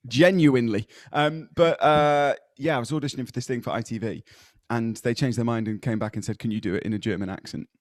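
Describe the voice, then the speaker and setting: A man co-hosting a casual podcast, telling animated, rambling stories with plenty of ums and restarts. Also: medium pitch, brisk, hardly any pauses, no echo, clean studio sound. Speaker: podcast co-host. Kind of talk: casual chat.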